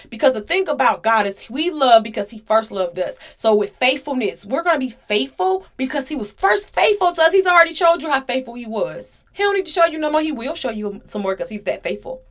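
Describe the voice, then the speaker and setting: A woman hosting a Christian podcast, teaching, repeating phrases for emphasis and acting out little dialogues. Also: high-pitched. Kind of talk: casual preaching monologue.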